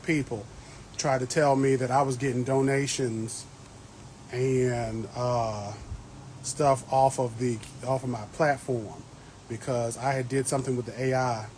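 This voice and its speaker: A man's voice: medium pitch, a little mellow, rough recording. Man in his thirties, casual garden livestream, playful banter, mid-range voice, faint outdoor hum. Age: 30s. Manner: chatty and playful, greets viewers by name. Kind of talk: casual live-stream chat. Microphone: phone livestream.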